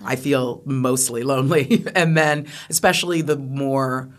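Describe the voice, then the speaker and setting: An American woman, a comedian, in a casual interview chat, animated and laughing, with trailing restarts. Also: a bass voice, unhurried. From United States. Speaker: comedian guest.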